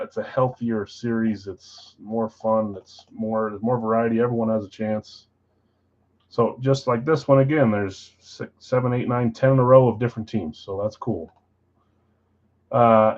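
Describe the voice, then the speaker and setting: A man's voice: medium pitch, a little mellow. Guy running a live card break, calling names n teams, chatty, kinda muffled audio.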